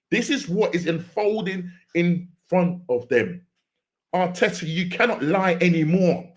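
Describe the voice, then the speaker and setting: A man hosting a football fan reaction, ranting with exasperation and often repeating and restarting his words. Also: high-pitched. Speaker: football fan channel host. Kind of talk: post-match fan reaction rant.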